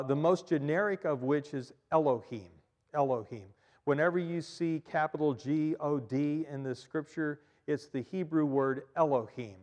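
A man preaching a sermon in a church, animated, often repeating and stressing his points, with frequent fillers. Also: medium pitch, big-room sound. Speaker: pastor.

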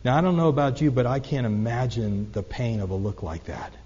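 A man's voice: mid-range voice, lively intonation, brisk, mellow, slightly rough. A man preaching a sermon as pastor, earnest and conversational, with frequent asides to the congregation. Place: church sanctuary. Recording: echoey hall, dull lo-fi sound.

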